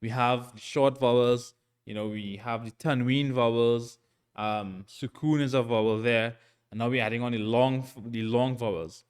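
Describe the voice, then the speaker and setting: A man teaching a recorded Quran reading lesson, patient and checking in often, sounding out syllables slowly and repeating them. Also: medium pitch, fairly even intonation, smooth. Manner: slow, patient, frequent "right?" check-ins.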